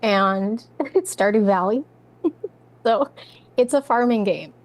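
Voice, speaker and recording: A woman's voice: medium pitch, takes it slowly. A Canadian woman chatting as a guest on a podcast about her book. She talks loosely and self-deprecatingly, breaking into easy laughter between thoughts. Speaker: guest author. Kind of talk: casual podcast chat.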